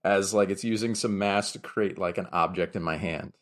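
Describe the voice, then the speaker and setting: A man's voice: sits low, steady tone, moderate pace. A man playing a character in a tabletop role-playing game, talking hesitantly with many restarts. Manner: hesitant, full of fillers and restarts. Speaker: player. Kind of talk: casual tabletop play.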